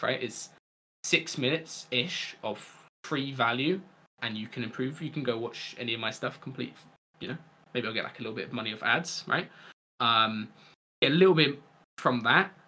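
A young man on a casual podcast, giving relaxed advice as a coach and often checking in with "right?". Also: medium pitch. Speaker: Fortnite coach.

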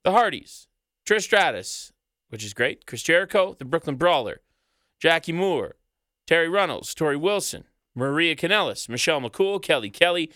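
A man's voice: a little high, very animated, normal speed, bright, forceful tone, dry recording, studio quality. A man co-hosting a casual wrestling podcast, swearing freely and reading off long lists of names. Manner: profane, rattles off long lists. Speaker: podcast co-host.

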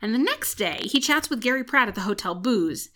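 A woman's voice: fairly high pitch, animated, brisk, bright, forceful tone. A woman co-hosting a podcast, retelling a book's plot in casual chat, with frequent "um" fillers. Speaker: podcast co-host. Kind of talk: casual book recap chat.

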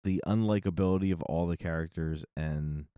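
A man's voice: low voice, moderate pace, warm tone, clean tone, no echo. A man co-hosting a podcast, chatting about a movie in a laid-back, joking manner. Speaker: podcast co-host. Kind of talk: casual movie discussion.

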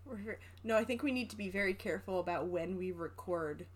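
A woman's voice: mid-range voice, fast talker. A young woman co-hosting a podcast, arguing her point insistently in casual chat. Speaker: podcast co-host.

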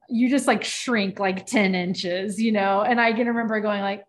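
A woman co-hosting a podcast, telling a personal work story in a casual, lively way with many filler words. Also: mid-range voice, moderate pace. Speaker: podcast co-host.

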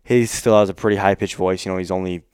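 A young man with a smooth, clear, slightly low voice tells quick, animated stories in casual chat. The sound is dry and close, with no room around it. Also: no room sound. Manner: quick, animated storytelling with acted-out quotes. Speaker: elk caller, works in a shop.

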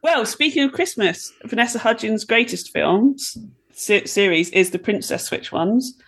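A woman's voice: on the high side, animated, a little slow, fairly bright tone, slightly rough. A woman, a podcast guest chatting with enthusiastic, gushing praise. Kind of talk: casual chat.

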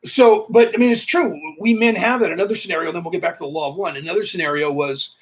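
A man with a rather high, husky voice tells a story in a loose, chatty way. He hosts a podcast and keeps slipping into the voices of the people in his anecdote, acting out what each one said. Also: fast. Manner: animated, re-enacts dialogue while telling stories. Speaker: podcast host.

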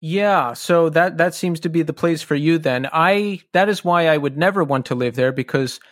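A man's voice: on the high side, moderate pace, fairly bright tone, no room sound, clean studio sound. A man from New York City hosting a podcast, asking chatty, friendly questions in a casual interview. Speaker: podcast host.

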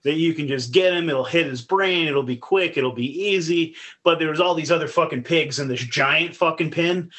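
A man, a podcast guest, telling stories in casual chat, profane and animated. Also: fairly high pitch, normal speed, few pauses.

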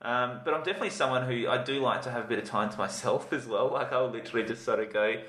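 A man's voice: medium pitch, racing, fairly bright tone. A man co-hosting a casual podcast chat, enthusiastic and full of fillers. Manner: enthusiastic, uses lots of "like" and "you know". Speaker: podcast co-host. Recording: roomy echo.

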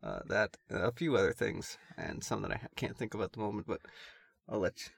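A young man co-hosting a casual podcast, an animated storyteller who acts out quotes and teases his co-host. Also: on the low side, fairly quick, creaky, husky, no room sound. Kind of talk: casual chat.

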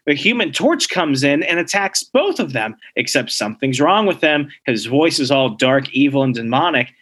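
A man co-hosting a podcast, casually recapping a comic book story with lively storytelling and quick bits of acting out the characters. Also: medium pitch, slightly rough. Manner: animated storytelling, acts out characters' lines. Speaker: podcast co-host.

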